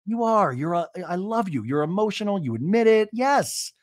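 A man's voice: high-pitched, very animated, normal speed, a little mellow, no echo, studio quality. Sarcastic, chatty male podcast host. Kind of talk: casual comedic recap commentary.

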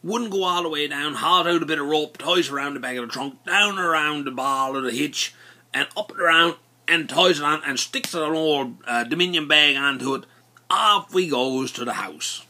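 A man's voice: on the high side, moderate pace. A man telling a casual folksy story in local dialect. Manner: animated, folksy dialect narration.

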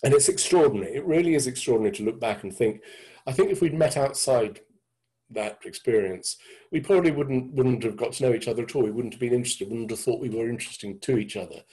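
An English man in his sixties telling his story thoughtfully over a video call, halting with many restarts. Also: mid-range voice, dark tone, low-quality recording. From England. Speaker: guest speaker. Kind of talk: reflective storytelling talk. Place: indoor room with a door behind.

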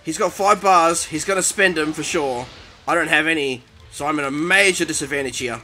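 A man giving live commentary over his own fighting-game match, excitable and quick to exclaim in alarm and poke fun at himself. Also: a little high, slight background noise. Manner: excitable, panicky exclamations and self-mocking. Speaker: gaming commentator.

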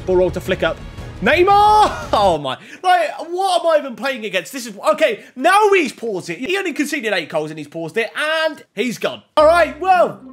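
A young man giving excitable commentary on his own football video game match, shouting at big plays. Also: extremely high pitch. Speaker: gaming YouTuber. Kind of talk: gameplay commentary.

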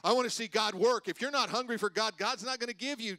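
A man pastor preaching a sermon, telling stories and swinging between loud preaching and hushed asides. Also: very high voice, quick pace, dry recording. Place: church sanctuary.

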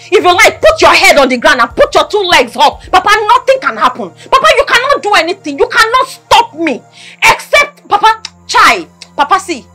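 A woman's voice: very high voice, sharp tone, full character voice. An actress with a Nigerian accent playing a defiant young woman who boldly stands up to her father. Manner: defiant, taunting. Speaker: daughter confronting her father. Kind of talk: Nollywood drama acting.

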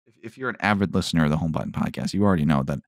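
Low-voiced man rambling on a solo podcast. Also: racing, creaky, no echo. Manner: rambling, self-interrupting, dry sarcastic tone. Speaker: podcast host.

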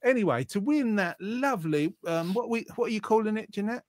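A jokey man hosts a live online quiz, chatting casually and reading out viewers' comments with plenty of ums. His voice sits a little high for a man. The sound is close and dry. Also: expressive, fairly quick, darkish tone, dry recording. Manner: chatty and jokey, with frequent fillers.

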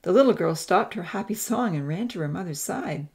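Woman reading a story aloud, lowish voice, steady and expressive. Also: a little fast, gravelly. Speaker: narrator. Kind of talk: scripted audiobook narration.

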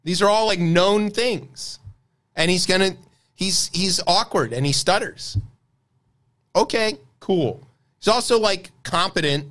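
A man's voice: sits high, a little slow, fairly bright tone. A man co-hosting a podcast, talking through the news in a wry, sarcastic, casual way. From United States. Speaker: podcast co-host. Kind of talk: casual political chat.

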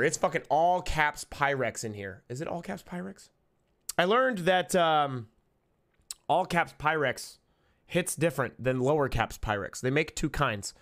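A young man streaming live, chatting casually and loudly with lots of swearing, jumping between shouts and mutters. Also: on the high side. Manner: loud, profane, jokey, swings between shouts and mutters. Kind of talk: casual livestream chat.

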